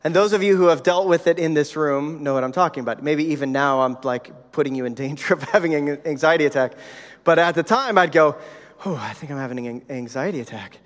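A man's voice: on the high side, a little fast. Man preaching in a reverberant hall. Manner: storytelling, conversational with many fillers. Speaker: pastor. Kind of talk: sermon. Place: church hall.

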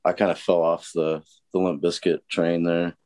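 A man's voice: deep voice, level tone, moderate pace, darkish tone. A man who fronts heavy bands, a podcast guest who talks hesitantly with many ums and likes. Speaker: podcast guest, band vocalist. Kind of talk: casual interview chat.

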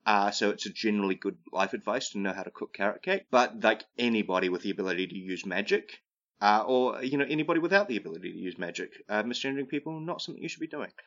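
Rambling man with a lively voice. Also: lowish voice, fast. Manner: rambling, tags sentences with "right?". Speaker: comedic advice-giver. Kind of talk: rambling comedic monologue. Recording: dull lo-fi recording.

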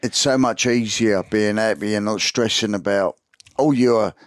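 Earnest Australian male guest, lowish pitch, dry podcast sound. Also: a little slow, dry recording. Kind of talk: casual interview chat.

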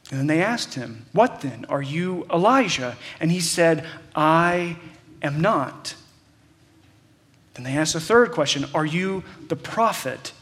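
A man with a slightly high voice preaches a sermon. He walks through the passage in a loose, conversational way, with plenty of "um"s and restarts. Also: fairly bright tone. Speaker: pastor.

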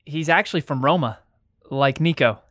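A young actor playing an earnest, shy teenage boy in a radio drama, eager but quickly defensive. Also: fairly high pitch, a bit bright, natural voice.

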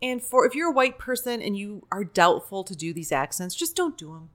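A woman's voice: mid-range voice, big pitch swings, a little fast, a bit bright. A woman speaking as a podcast guest and improviser, telling candid, digressive stories with plenty of "like" and "you know". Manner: chatty, digressive, many fillers like "like" and "you know"; acts out quoted voices while telling stories. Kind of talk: candid conversational storytelling.

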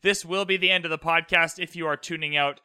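Young male solo podcast host, animated and earnest. Voice is high and very bright, with dry, close sound. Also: a little fast, clear, resonant tone, dry recording. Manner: animated, earnest, retells scenes with quoted voices. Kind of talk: solo episode recap podcast. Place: room, alone.

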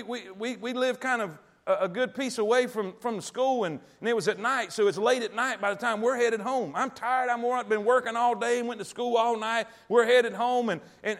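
A man's voice: very high voice, a bit bright. A male preacher, delivering a folksy sermon and repeating phrases for emphasis. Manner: storytelling, talks directly to the congregation.

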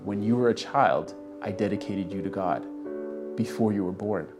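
A man's voice: on the low side, moderate pace, music in the background. A young man casually telling a personal story, acting out the voices of the people he quotes. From Canada. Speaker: guest telling his story.

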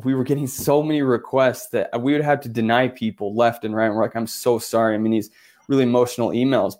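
Man, from Utah, interview guest, earnest, restarts often, average pitch. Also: a little mellow. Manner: earnest, many restarts and "you know"s. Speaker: photographer guest. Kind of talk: casual interview storytelling.

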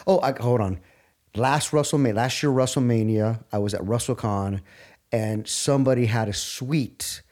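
A man's voice: mid-range voice, normal speed, darkish tone. Enthusiastic, rambling middle-aged man. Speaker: wrestling guest. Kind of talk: casual interview chat.

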